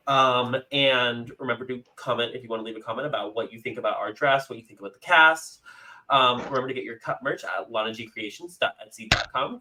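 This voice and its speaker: A man's voice: mid-range voice, sharp tone, poor audio. A man hosting a casual podcast chat, signing off in a playful, rambling way with plenty of fillers. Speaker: podcast host.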